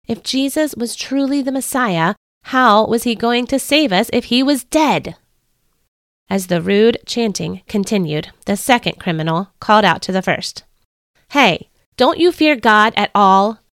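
A woman's voice: on the high side, normal speed, dry recording, clean studio sound. Earnest woman reading a devotional story. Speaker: podcast host reading her devotional book. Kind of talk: scripted first-person story narration.

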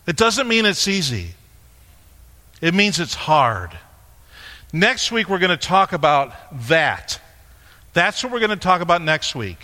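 A man preaching in a casual, conversational way, bantering with a stage helper between points. His voice sits high and sounds bright and forceful. The sound carries the long reverb of a large church hall. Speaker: pastor. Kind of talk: sermon with props. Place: church sanctuary.

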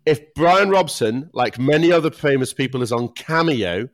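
A man's voice: mid-range voice, normal speed. Guy on a podcast, swearing a lot, voice bouncing all over. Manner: swearing, animated banter. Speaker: podcast co-host. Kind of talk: casual chat.

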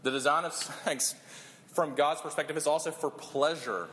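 A man's voice: on the high side, steady tone, normal speed, a bit bright. A man preaching a sermon as pastor, earnest, often repeating words as he builds his points. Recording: long hall reverb, faint room noise.

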